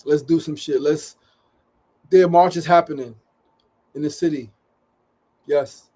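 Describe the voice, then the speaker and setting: A man hosts a daily live show from a studio, speaking straight to his viewers. His voice sits a little high for a man. He pleads and urges, swears freely and hammers points home by saying them again. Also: fairly even intonation, unhurried, warm tone, slightly rough. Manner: urgent, pleading, swears often, repeats phrases. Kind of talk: impassioned livestream monologue.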